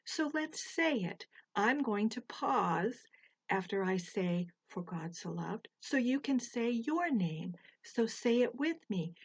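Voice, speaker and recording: Slow, gentle older woman teaching children. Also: on the high side, expressive, breathy edge. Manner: slow and deliberate, pausing for children to repeat. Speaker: children's Bible storyteller.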